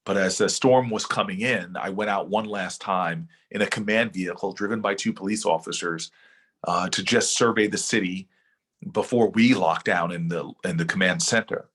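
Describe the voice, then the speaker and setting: A middle-aged man, a senator, giving an oratorical motivational speech that slows for emphasis and then speeds up. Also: low-pitched, a bit bright, breathy edge. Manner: oratorical, shifts between slow emphatic phrases and quick runs. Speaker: senator and keynote speaker.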